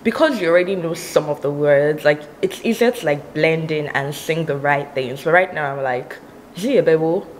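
A woman's voice: low-pitched, normal speed, slight background noise, poor audio. A young woman from Nigeria chatting casually to her viewers as a vlogger, giggly and full of "like" fillers. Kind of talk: casual chat between sung songs.

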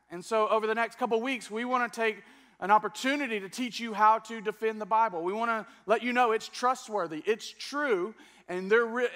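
A male pastor teaching a sermon to a church congregation. His voice sits high and rings bright and forceful. He talks with energy, coaxing the room to respond and join in. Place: church service before a congregation.

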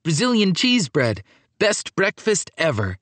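Brief: earnest, passionate boy in a storybook, read by a male narrator, raised emphatic voice, animated. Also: sits high, measured pace, no echo, voice pushed up, heavily acted.

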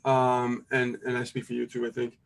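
A middle-aged man giving casual life advice, calm and full of "you know" and "okay" check-ins. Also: mid-range voice, normal speed. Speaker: co-host.

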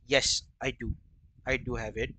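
A man hosting a livestream, commenting on his racing game play and chatting with viewers, with excited yelps and laughs at the action. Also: mid-range voice, unhurried, a little hiss or hum. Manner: chatty, answers viewers' chat between races. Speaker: livestream host. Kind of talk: live gameplay commentary.

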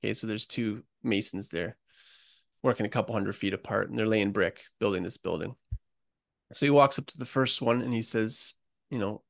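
A man's voice: fairly low pitch, moderate pace, vocal fry, no room sound, clean studio sound. A man guest on a podcast interview, telling stories in an earnest, emotional, casual way and calling the host buddy. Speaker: guest, construction author.

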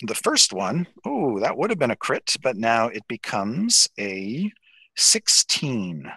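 A man narrating as dungeon master, relaxed and pausing often as he describes the scene and rules. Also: medium pitch, creaky, slightly rough, no room sound, low-quality recording. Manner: relaxed, with frequent pauses and fillers. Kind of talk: narrating a tabletop game.

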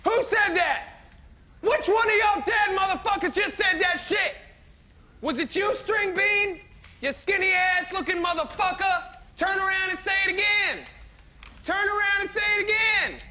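A man playing a foul-mouthed shouting president. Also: very high voice, measured pace, a little hiss or hum, exaggerated voice. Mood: belligerent. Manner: shouting, profane, belligerent. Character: crude loud male president heckler. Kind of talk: sketch comedy acting.

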